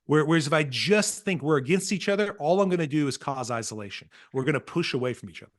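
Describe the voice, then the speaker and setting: A man guest on a podcast, telling parenting stories with earnest, animated energy and acting out what others said. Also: fairly high pitch, fast talker. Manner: earnest, animated storytelling, acts out quotes. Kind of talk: casual podcast conversation.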